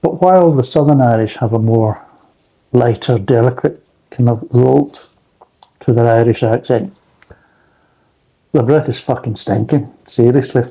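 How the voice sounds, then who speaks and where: A man's voice: medium pitch, measured pace, long pauses, dark tone, low-quality recording. A man reviewing beer in a rambling, blunt casual chat, swearing freely.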